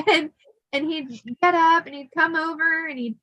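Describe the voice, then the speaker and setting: A woman hosting a casual storytelling livestream, chatty and animated with lots of fillers. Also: high-pitched, moderate pace, no room sound, poor audio. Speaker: host.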